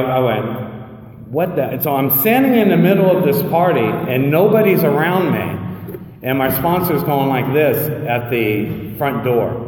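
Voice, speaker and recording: A man's voice: mid-range voice, darkish tone, slight background noise. A man in his fifties telling his recovery story to a crowd, stammering through restarts and acting out what others said. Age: 50s. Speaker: recovery meeting speaker. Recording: echoey hall, mic from a distance.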